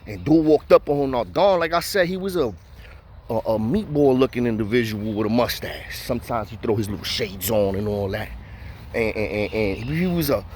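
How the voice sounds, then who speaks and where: A man's voice: mid-range voice, expressive, brisk, a little mellow, a little hiss or hum. A man casually telling profane stories, full of street slang and repeated "know what I mean" fillers. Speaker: storyteller. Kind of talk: casual storytelling.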